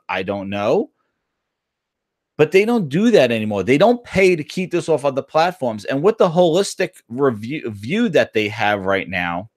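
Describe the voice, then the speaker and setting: A man's voice: fairly high pitch, no room sound, studio quality. A man hosting a gaming talk show, ranting casually, swearing and rambling with many restarts. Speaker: gaming channel host. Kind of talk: casual opinion rant.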